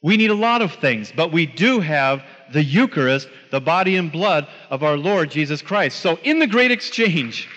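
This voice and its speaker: A man's voice: a little high, expressive, normal speed, hardly any pauses, fairly bright tone. A man preaching a sermon, telling a story with quoted dialogue and emphatic rises. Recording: dull lo-fi sound in a long-reverb hall.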